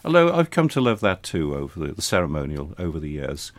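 An older retired air force officer recalls his early years in an interview. His voice is very low and dry in tone, and his telling is anecdotal and gently wry. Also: very animated, quick pace, no echo. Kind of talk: reminiscing in conversation.

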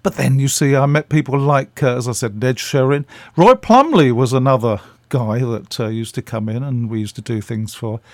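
Older guy telling stories on the radio, middle pitch, dead dry sound. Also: moderate pace, few pauses, no echo. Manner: chatty, self-deprecating, acts out voices. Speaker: radio guest. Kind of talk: anecdotal storytelling.

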